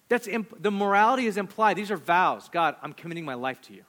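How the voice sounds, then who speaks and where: A male pastor in his thirties delivering a sermon with a high-pitched voice. He is animated, rising loud for emphasis and dropping to hushed, low asides. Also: fast, few pauses.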